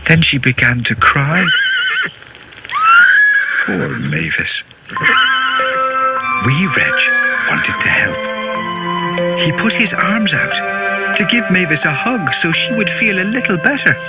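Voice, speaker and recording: A man narrating a children's cartoon story in a gentle, playful and sing-song way, with loud music playing behind. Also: on the high side, big pitch swings, slow pace, long pauses, rough recording.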